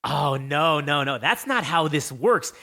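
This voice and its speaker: Casting: man playing swaggering wrestler, taunting and scolding, lively delivery. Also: on the high side, unhurried, creaky, full character voice. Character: mocking tough male wrestler from the late 1990s.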